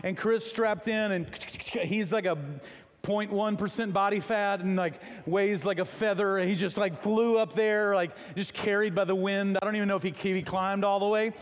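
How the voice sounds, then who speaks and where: Male pastor, light high voice, self-deprecating storyteller, recorded in an echoey sanctuary. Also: fairly even intonation, normal speed. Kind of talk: sermon.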